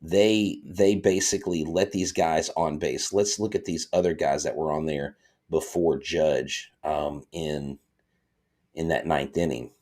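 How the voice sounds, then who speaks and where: Deep-voiced excitable sports host. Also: male voice, measured pace. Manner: excitable and chatty, reads viewer comments aloud. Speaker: podcast host. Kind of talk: live-stream sports talk.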